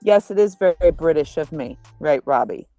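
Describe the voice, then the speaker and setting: A woman's voice: low voice, expressive, normal speed, warm tone, no room sound, soft background music. A woman joining a casual livestream chat, playful, with dry jokes and family stories. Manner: playful, dry humor, tells family anecdotes. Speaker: co-host guest on stream.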